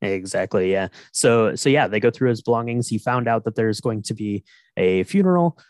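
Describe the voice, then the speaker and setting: A man's voice: lowish voice, lively intonation, moderate pace, a little mellow, no echo. A man co-hosting a podcast, loosely recapping a film's plot with lots of fillers and amused asides. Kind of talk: casual chat recapping a film.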